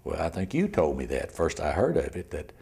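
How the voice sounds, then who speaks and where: An older man, a criminal defense lawyer telling his story in an oral history interview, halting and repeating words, often trailing off near a whisper. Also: very deep voice, huge pitch swings, a little mellow, slightly rough.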